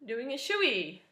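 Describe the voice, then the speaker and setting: Young Australian woman, casual chat to camera, bright tone, roomy echo. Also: a little high. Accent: Australian, softened. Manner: chatty, wry, self-deprecating. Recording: echoey room.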